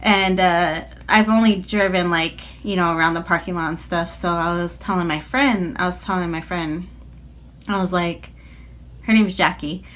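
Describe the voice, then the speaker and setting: A woman's voice: lowish voice, fairly even intonation, moderate pace, a bit bright. A woman tells a personal story in a casual storytime vlog. Her delivery is chatty and rambling, full of filler words, and it sounds like it was recorded on a phone. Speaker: vlogger telling a personal story.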